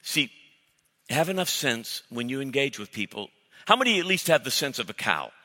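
A middle-aged male pastor preaches with a very bright, cutting voice that rings through a reverberant church hall. His delivery is blunt and emphatic, punching out lines and firing off mock arguments. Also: medium pitch, big pitch swings, moderate pace. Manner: emphatic, blunt preaching with sudden loud mock-dialogue bursts. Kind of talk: sermon.

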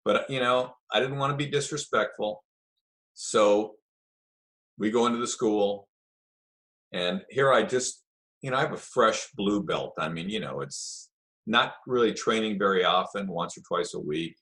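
A middle-aged man telling a story in a relaxed, chatty way, acting out the voices of the people in it. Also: lowish voice, unhurried. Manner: animated storyteller, acts out quoted voices. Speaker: guest telling stories of early jiu-jitsu. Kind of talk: casual storytelling.

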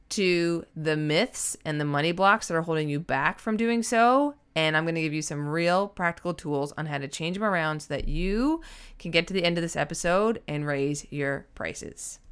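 Smooth-voiced woman podcast host. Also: lowish voice, a bit bright. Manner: chatty, emphatic, puts on voices when quoting. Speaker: podcast host and business coach. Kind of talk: solo podcast monologue.

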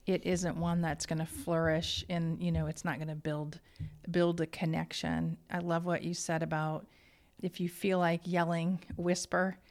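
A woman hosting a parenting podcast, summing up her guest's points and speaking straight to the parents listening. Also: fairly low pitch. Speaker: podcast host.

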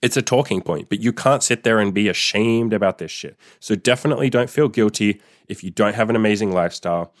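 A man's voice: lowish voice, brisk, few pauses, no room sound, clean studio sound. A man coaching listeners in a solo podcast monologue, blunt, emphatic and profane, acting out quoted dialogue in a mocking voice. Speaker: dating coach.

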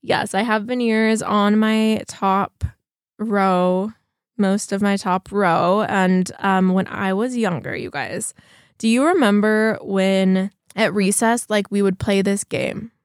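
A chatty woman talks casually to her viewers, rambling through her stories with plenty of "like" fillers. Her voice is mid-pitched and sounds close and dry, with no room around it. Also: steady tone, slow, clear, resonant tone, no echo. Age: 30s. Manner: chatty, rambling, heavy use of "like". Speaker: vlogger.

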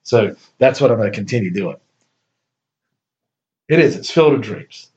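A man hosting a podcast, talking in an easy, rambling way with bursts of enthusiasm and quick laughs. His voice sits at an ordinary middle pitch, and the recording sounds a little dull and lo-fi. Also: lively intonation, darkish tone. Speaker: podcast host. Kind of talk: casual podcast chat.

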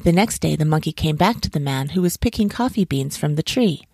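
Low, gravelly woman storyteller. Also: dry recording, studio quality. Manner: measured, expressive reading. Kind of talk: storybook narration.

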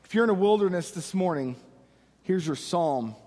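A man preaching a sermon as pastor, with slow dramatic pauses and impassioned cries. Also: sits high, lively intonation, mellow, long reverb tail.

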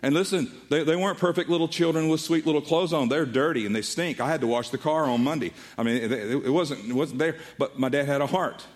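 A man's voice: a little high, quick pace, hardly any pauses. Middle-aged male pastor preaching a story. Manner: animated storytelling, acts out quoted voices. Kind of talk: sermon.

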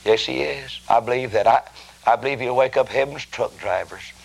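A man's voice: medium pitch, moderate pace, vocal fry, rough recording. A man preaching a sermon in a folksy, rambling, emphatic way, with many asides.

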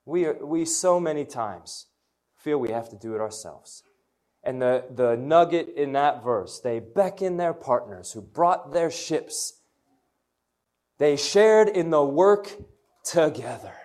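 A young man preaching a lively sermon to young people, telling stories and calling on the crowd to answer. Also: a little high, slow pace. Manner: energetic, storytelling, call-and-response. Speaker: youth pastor.

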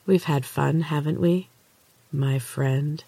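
A woman reading a story aloud, voicing a menacing supernatural woman who talks in a low, gentle, teasing way. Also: steady tone, slow, gravelly, slightly rough, no echo, heavily acted.

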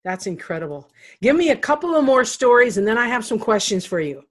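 Fairly high-voiced woman host. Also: big pitch swings, fairly quick. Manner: affirming, asks short questions. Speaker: interviewer host. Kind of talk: interview, faith talk.

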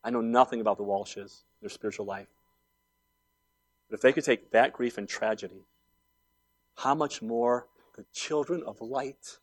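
A man's voice: mid-range voice, normal speed, long pauses. A man in his forties preaching a sermon, telling stories conversationally and building to emphatic points. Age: 40s. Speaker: pastor.

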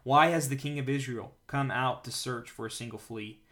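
A man's voice: medium pitch, moderate pace, fairly bright tone, lightly acted. A man reading the part of a bold young male warrior, earnest and declaiming in a slightly raised voice. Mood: pleading.

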